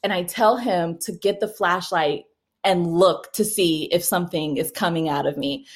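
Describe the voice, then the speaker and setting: Chatty young woman telling a story. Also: lowish voice. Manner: animated, laughing, quick asides. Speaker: mother telling a birth story. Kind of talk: casual storytelling.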